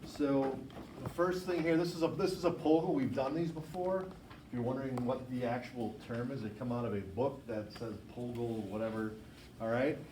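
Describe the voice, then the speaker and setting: A man teaching a biology class, explaining handouts in a quick, informal way and often correcting himself. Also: mid-range voice, a little mellow, slight background noise. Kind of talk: classroom instruction. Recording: echoey classroom, far from mic.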